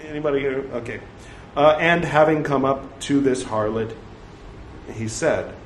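A man's voice: mid-range voice, a little slow, a little hiss or hum. A man reading scripture aloud in translation, breaking off for wry, joking asides. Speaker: reader of scripture. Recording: roomy echo, faint ambience.

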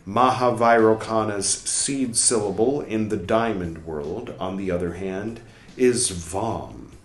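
A man reading a text aloud slowly and deliberately, saying "quote" and "end quote" and pausing now and then to comment. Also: lowish voice. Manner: pauses to comment on the text with small asides. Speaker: reader of a text on Buddhist mantras. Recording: roomy echo, faint music behind.

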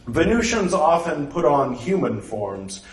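A man reading a story voices a calm half-alien male cartographer who speaks in archaic thee-and-thou English. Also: a little high, a little slow. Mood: calm, wise. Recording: roomy, distant mic.

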